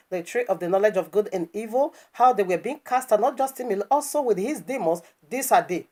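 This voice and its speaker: A woman's voice: medium pitch, darkish tone. A woman preaching online in an impassioned, scolding commentary that is full of rhetorical questions and stammered restarts.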